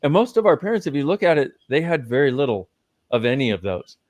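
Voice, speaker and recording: A man's voice: mid-range voice, sing-song, quick pace, darkish tone, no room sound. Emphatic male guest speaker, casual cusser, close and dry sound. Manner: emphatic, swears casually, lists ideas. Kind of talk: live conversational teaching.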